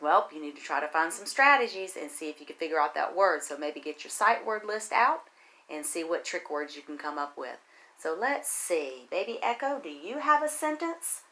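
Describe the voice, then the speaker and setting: A woman teaching a virtual phonics lesson to kindergartners, encouraging and sing-song, drawing out each word slowly as she reads. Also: low-pitched, expressive, sharp tone. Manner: sing-song, encouraging, slow drawn-out reading of words.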